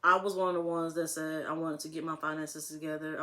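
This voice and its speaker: A woman's voice: sits low, little pitch movement, brisk, few pauses, sharp tone. A young woman talking casually to camera as a vlogger, rambling and laughing often.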